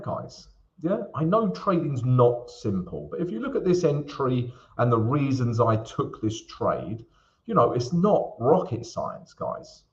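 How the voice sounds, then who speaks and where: A man hosting a live market analysis stream, chatting casually and calling his viewers guys and mate. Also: medium pitch. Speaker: trading livestream host. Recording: dull lo-fi stream audio.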